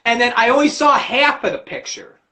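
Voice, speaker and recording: A man hosting a livestream, ranting about religion with constant cursing and animated storytelling. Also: very high-pitched, fairly quick, a little hiss or hum. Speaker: livestream host. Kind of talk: profane religious rant.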